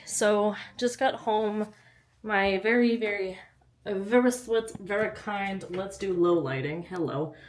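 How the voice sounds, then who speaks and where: A woman's voice: medium pitch, darkish tone. Girl with a little lisp rambling to her vlog camera, anxious and chatty. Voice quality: slight lisp. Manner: chatty, anxious, self-interrupting. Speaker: book vlogger. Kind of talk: casual vlog chat.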